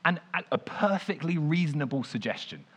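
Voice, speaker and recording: A young man preaching casually, retelling a story in an animated, conversational way with lots of "like". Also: on the high side, brisk, slightly rough. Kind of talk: informal sermon storytelling.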